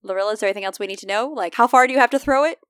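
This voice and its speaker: A woman in a tabletop role-playing session, trading quick, playful banter with the table. Her voice sits in a middle range and sounds dry and close to the mic. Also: a little high, fairly bright tone, clear, resonant tone, no echo. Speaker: player. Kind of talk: casual tabletop game play.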